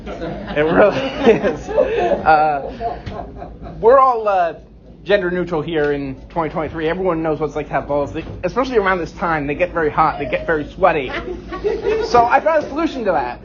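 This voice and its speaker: High, lively self-deprecating young comic. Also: male voice, normal speed, a loud crowd. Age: 20s. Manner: self-deprecating, deadpan punchlines. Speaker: stand-up comedian. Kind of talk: stand-up set. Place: comedy club stage. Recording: dull lo-fi recording.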